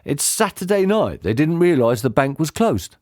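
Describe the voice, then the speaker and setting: A man's voice: on the high side, very animated, normal speed, a little mellow, no echo, studio quality. A man playing a nervous, stammering dad. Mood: flustered. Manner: stammering, evasive. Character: nervous, bumbling father mixed up with crooks.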